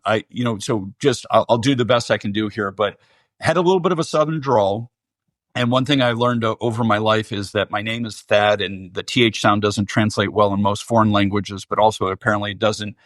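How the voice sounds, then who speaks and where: A man's voice: lowish voice, no echo. Middle-aged guy guesting on a podcast, earnest, restarts a lot, dry mic. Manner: earnest, reflective, lots of restarts. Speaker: guest, baseball general manager. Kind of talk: podcast interview.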